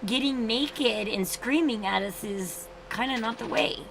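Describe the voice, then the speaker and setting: Woman, thirties, livestream host, casual rambling talk, slightly high voice. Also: measured pace, gravelly, a bit bright, a little hiss or hum, low-quality recording. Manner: chatty, rambling with restarts.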